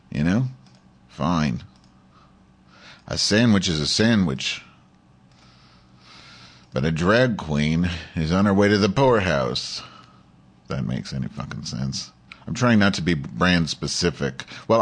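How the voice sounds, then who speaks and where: A man with a slightly low voice reads a news article aloud on his casual show. He trips over words, curses at himself, and throws sarcastic remarks at his listeners. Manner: profane, sarcastic, stumbles over words while reading. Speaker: show host.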